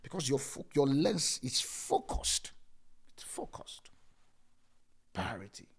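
A middle-aged man preaching a sermon, repeating phrases and switching between loud bursts and hushed lines. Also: mid-range voice. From Nigeria. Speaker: pastor.

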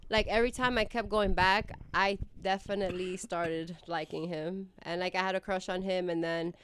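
A woman's voice: fairly low pitch, steady tone, moderate pace, a bit bright, a little hiss or hum. A young woman, telling a story in casual chat, quoting people and swearing freely.

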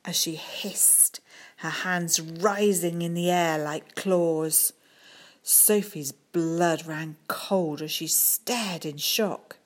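A woman reads a children's storybook aloud, calm and unhurried. Her voice sits a little low, and she takes her time over every line. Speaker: audiobook reader. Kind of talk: reading a children's book aloud.

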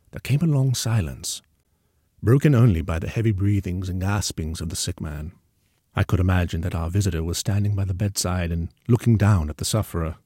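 A man reading a story aloud as narrator in a measured, even way. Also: low voice, husky.

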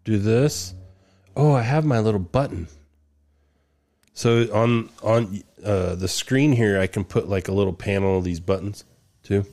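A man's voice: fairly low pitch, measured pace, darkish tone. A man co-hosting a casual home podcast, rambling with many restarts and laughing at himself. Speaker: podcast co-host. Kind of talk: casual chat.

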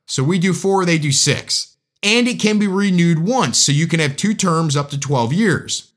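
A man's voice: a little high, expressive, moderate pace, fairly bright tone. A man giving a casual, joking, opinionated monologue as a commentator.

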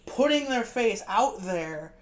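A man with a high, girlish-sounding voice co-hosting a casual podcast, rambling, self-deprecating and swearing freely. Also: expressive, takes it slowly. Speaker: podcast co-host.

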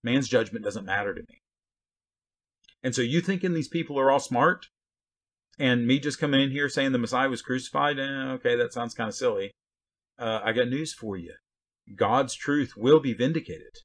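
A man of ordinary pitch teaches scripture in a loose, conversational way. He is blunt and folksy, often asking rhetorical questions and checking in with his listeners as he explains. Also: moderate pace. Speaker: Bible teacher.

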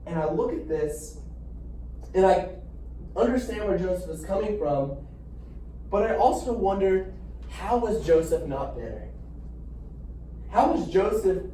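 A young man teaching a Bible class in a lively, animated way, acting out the story with restarts and asides. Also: sits high, a little hiss or hum. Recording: echoey room from far off.

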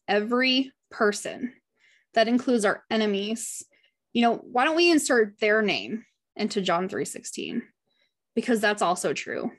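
A woman leading a casual Bible study, reading passages aloud and talking about them in an earnest, heartfelt way. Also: medium pitch. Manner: earnest and heartfelt, chatty with frequent "like".

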